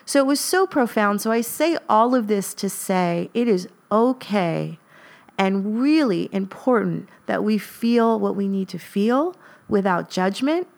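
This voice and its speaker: A woman's voice: medium pitch, expressive, unhurried, vocal fry, a little mellow. A woman hosting a podcast, sharing a personal story in an earnest, reflective way with many fillers. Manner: earnest, lots of fillers, rising emphasis. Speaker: podcast host and coach.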